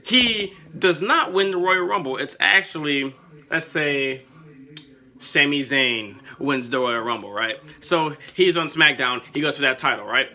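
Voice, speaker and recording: A young man vlogging in a casual, excitable and profane way, rambling as he spins made-up storylines. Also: fairly high pitch, a little slow. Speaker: wrestling vlogger. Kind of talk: casual chat.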